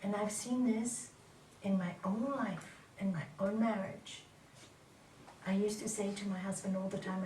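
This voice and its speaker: A middle-aged woman giving an animated spiritual talk to an audience as a yoga teacher, asking questions and laughing often. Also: fairly high pitch, slight background noise. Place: lecture hall. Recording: roomy hall from far off.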